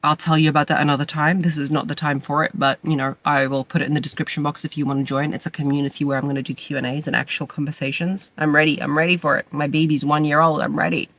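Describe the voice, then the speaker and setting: Low-sitting and fairly bright, a woman's voice comes with flat delivery, a quick pace, and hardly any pauses. She's in her thirties, has a cold, and hosts a podcast from a parked car with a makeshift mic, giving listeners a chatty, rambling, self-mocking casual monologue.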